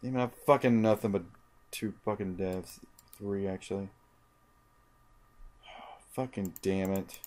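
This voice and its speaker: A man's voice: on the low side, measured pace, pauses often, darkish tone. A young man commentating his own video game playthrough, muttering, frustrated and swearing constantly. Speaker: gaming channel host. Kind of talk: let's play commentary.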